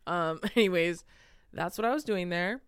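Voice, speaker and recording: A young adult woman co-hosts a casual podcast, laughing often and tossing in swear words. Her voice sits a little low and sounds very clear. The recording is dry and close. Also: normal speed, dry recording. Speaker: podcast co-host. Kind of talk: casual chat.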